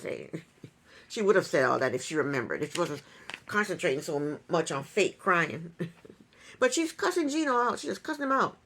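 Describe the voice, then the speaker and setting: A woman's voice: low voice, a bit bright, slight background noise. A woman giving a casual reality TV recap in an opinionated, sarcastic way, with chuckling asides.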